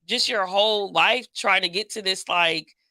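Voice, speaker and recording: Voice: medium pitch, moderate pace, pushed and bright, dry recording. A podcast host in casual conversation, affirming the guest often and adding their own thoughts. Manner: affirming, frequent "yeah".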